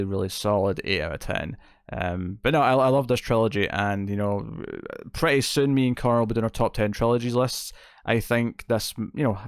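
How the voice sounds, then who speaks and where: A man's voice: mid-range voice, clear, resonant tone, no echo, studio quality. A man hosting a casual spoken movie review show, enthusiastic and rambling, with many fillers and restarts. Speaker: film reviewer, show host.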